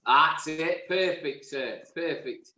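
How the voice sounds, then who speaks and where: A man's voice: fairly high pitch, slow, sharp tone, reverberant, poor audio. A man hosting a chat show, friendly and prone to stammered restarts. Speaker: host. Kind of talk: casual chat.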